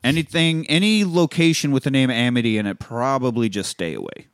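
A man's voice: medium pitch, lively intonation, fairly quick, dry recording, clean studio sound. A man hosting a podcast, casually recapping a film scene by scene, swearing freely and acting out lines. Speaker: podcast host.

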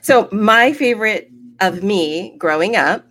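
A woman in her fifties co-hosting a podcast, chatting in a relaxed, wry way. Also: medium pitch, unhurried. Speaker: podcast co-host. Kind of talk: casual podcast chat.

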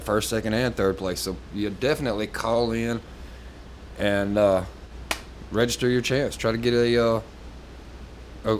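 A man's voice: medium pitch, slight background noise. Easygoing male podcast co-host. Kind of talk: casual podcast chat.

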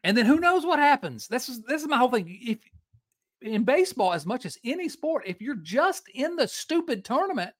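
A podcast co-host with an extremely high-pitched voice rants animatedly in casual sports chat, talking a little fast and frequently stopping and restarting his sentences.

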